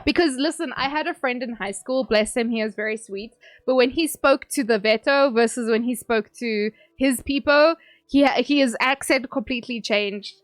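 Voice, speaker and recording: A woman's voice: fairly high pitch, moderate pace, dry recording, clean studio sound. A young woman livestreaming, chatting casually with viewers, reading messages aloud and laughing often. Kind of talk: casual chat with stream viewers.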